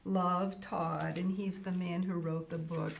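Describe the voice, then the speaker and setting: A woman's voice: lowish voice, level tone, slow, vocal fry. An older woman hosting a children's show, reading a picture book aloud in a fussy, grandmotherly way and exclaiming "oh" often.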